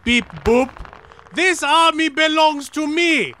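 A man's voice: very high-pitched, slow, bright, forceful tone, a little hiss or hum, heavily acted. An actor playing a pompous male dictator who talks like a robot, adding beeps and whirs. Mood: robotic. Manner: stiff robotic delivery with beeps. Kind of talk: comedy radio play.

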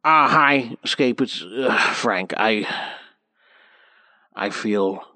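A man's voice: lowish voice, very slow, sharp tone, heavily acted. A man playing a groaning, sickly man. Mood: miserable. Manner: faltering, groaning, apologetic. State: ill and weak. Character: miserable, sick adult man sending an audio message. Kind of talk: comedy audio sketch.

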